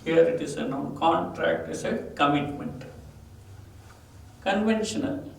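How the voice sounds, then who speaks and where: A man's voice: a little high, unhurried, creaky, far from the mic. A man with an Indian English accent, teaching a vocabulary lesson and repeating each word and its meaning with stress. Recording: echoey room, voice off-mic, faint ambient noise.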